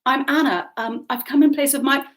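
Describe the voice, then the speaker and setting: A woman's voice: high voice, fairly even intonation, normal speed, pitched above the performer's own voice, lightly acted. A woman reading aloud, voicing a shy, polite young woman who hesitates and stumbles over her words. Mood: flustered. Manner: hesitant, with ums. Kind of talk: audiobook character voice.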